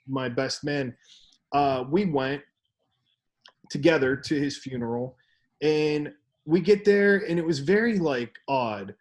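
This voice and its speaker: A young man with a slightly high voice tells a story on a casual podcast. He talks in an animated way, laughs often, and acts out the people he quotes. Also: takes it slowly, pauses often. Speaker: podcast co-host.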